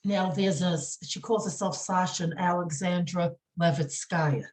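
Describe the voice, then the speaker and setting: A woman speaking as a podcast guest, indignant and emphatic, with halting speech full of fillers, restarts and repeated phrases. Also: fairly low pitch, fairly even intonation, darkish tone. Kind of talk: emotional podcast interview.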